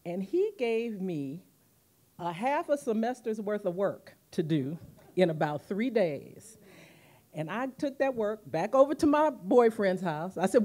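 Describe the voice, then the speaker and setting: This is a commemorative speech by a guest speaker, a museum president in her fifties, at a podium microphone in a university auditorium. Her mid-range voice moves at a measured pace as she tells lively stories and acts out quotations.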